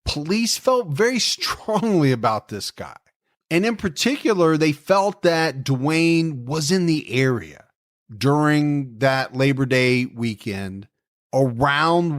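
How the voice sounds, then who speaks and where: Man, podcast co-host, casual true-crime storytelling, jokey asides, mid-pitched voice. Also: expressive, slow.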